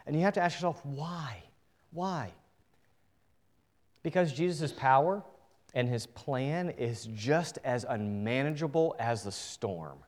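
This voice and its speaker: A male pastor from New England preaching a sermon to his congregation, earnest and direct, swinging between hushed and emphatic delivery. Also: mid-range voice, animated, normal speed.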